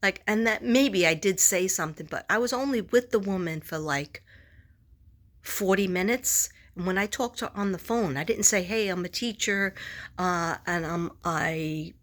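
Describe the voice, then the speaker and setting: A woman's voice: medium pitch, moderate pace, fairly bright tone. A woman vlogger and psychic reader chatting casually to the camera, rambling with many restarts and asides, sometimes dropping to a near whisper.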